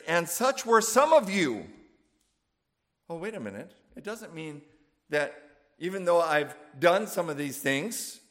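This sermon comes in a high, fairly bright male voice, delivered in a conversational way. Fillers crop up often, along with asides like "right?" and "you know."

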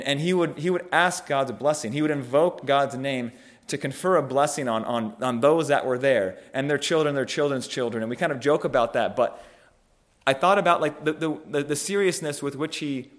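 A man giving a conversational sermon on a scripture passage, thoughtful and halting, often restarting phrases and checking in with "right?". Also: medium pitch. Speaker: preacher.

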